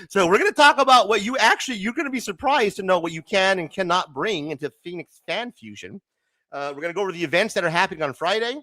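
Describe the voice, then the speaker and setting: A man's voice: high voice, sharp tone, no room sound. A man from Arizona in his thirties hosting a comics livestream, rambling casually, swearing constantly and laughing often. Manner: loose, rambling, chummy. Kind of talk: casual profane livestream chat.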